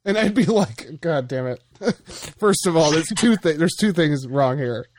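A man from Florida in a casual podcast chat, profane and quick to laugh, rambling through stories. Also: a little high, animated, a little mellow, slight background noise.

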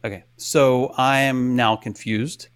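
A man co-hosting a podcast, telling a story in casual chat and acting out quotes with hushed asides. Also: mid-range voice, fairly even intonation, slow, clear, resonant tone. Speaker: podcast co-host.

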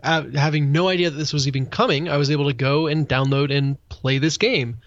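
A man on a casual tech podcast explains things at length, filling pauses with ums and restarts. His voice sits a bit high for a man. The audio is dull and muffled in a dry, close setting. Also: fairly even intonation, no room sound. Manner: rambling, explanatory, many fillers. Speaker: podcast co-host.

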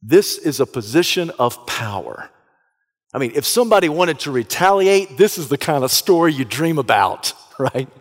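A Southern American man preaching with a slightly high voice, retelling the story in an animated, dramatic way and breaking into loud bursts. His voice rings out with a long reverb, as in a large hall. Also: normal speed. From Southeastern United States. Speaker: pastor. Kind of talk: sermon storytelling.

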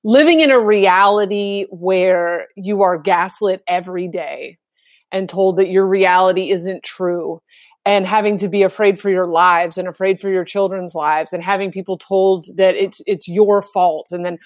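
A woman host talks very slowly and thoughtfully, pausing and filling gaps with soft fillers. Her voice sits at a middle pitch, and the video-call sound is dry and close. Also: fairly even intonation, no room sound, dull audio. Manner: reflective, with many pauses and fillers. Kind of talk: casual conversation.

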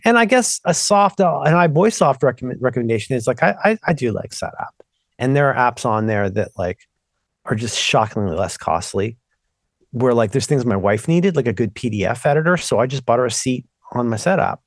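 Animated rambling man, casual podcast. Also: mid-range voice, a little fast, no echo, clean studio sound. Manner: rambling, animated, self-interrupting. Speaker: podcast co-host. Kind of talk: casual tech chat.

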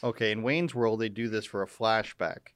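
A man's voice: fairly low pitch, moderate pace, noisy background. A man hosting a casual live news show, joking and sarcastic, with rambling asides. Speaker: live stream host.

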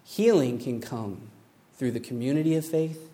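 A man preaching a sermon, telling a story with lively acted-out voices, building to emphatic points. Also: medium pitch, normal speed. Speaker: pastor.

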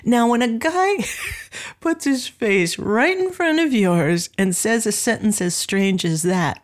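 A woman in her sixties tells a story in an interview with a plain, mid-pitched voice. She brings it to life by acting out the voices of the people in it. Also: expressive, slow pace. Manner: vivid storyteller who acts out quoted voices. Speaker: guest, music producer and professor.

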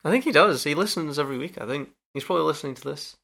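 A man's voice: fairly high pitch, lively intonation, very fast, vocal fry, fairly bright tone. A man co-hosting a casual podcast, giggling often through playful banter. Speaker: podcast co-host.

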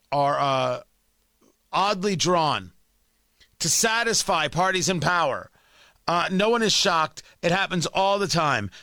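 A man's voice: fairly high pitch, pushed and bright, no room sound. A man hosting a political commentary show, delivering an opinionated, sarcastic monologue with emphatic repetition.

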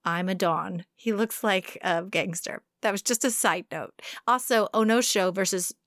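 A woman's voice: mid-range voice, normal speed, fairly bright tone, no echo. Woman co-host, casual sports recap, chatty and upbeat, dry close recording. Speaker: sumo commentator.

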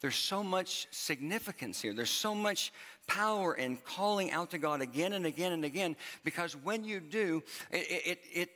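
A man's voice: high voice, lively intonation, normal speed, bright, forceful tone. A man preaching a sermon from a church stage in a conversational way, repeating phrases for emphasis. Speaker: pastor. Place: church auditorium with long reverb. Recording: reverberant hall.

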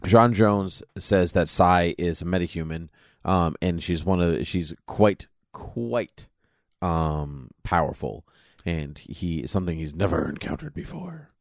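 Guy cohosting a tv podcast, low voice, bouncy delivery, dry close mic. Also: expressive, a little slow, vocal fry, no room sound. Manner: chatty, breaks into song and laughter. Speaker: podcast co-host. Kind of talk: casual chat.

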